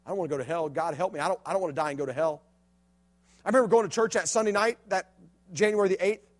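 A middle-aged man from Illinois giving a sermon testimony, dropping to a hush and then rising to a shout. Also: high-pitched, very fast. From Illinois, USA. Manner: swings from hushed to shouting. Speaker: preacher.

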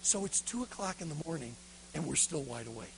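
A man preaching a sermon to a youth conference, telling a story dramatically and swinging between loud praise and hushed intensity. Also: a little high, animated, brisk, vocal fry, slight background noise, low-quality recording.

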